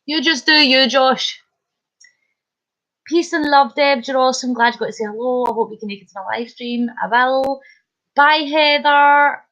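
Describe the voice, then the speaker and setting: A Scottish woman chatting casually on her live stream, bubbly and quick to laugh. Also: high-pitched, a bit bright. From Scotland. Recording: dull lo-fi stream audio.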